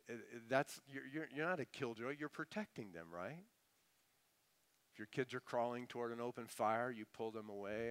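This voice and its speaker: A middle-aged male pastor preaching a sermon, swinging between loud emphasis and hushed asides. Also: medium pitch, clean tone.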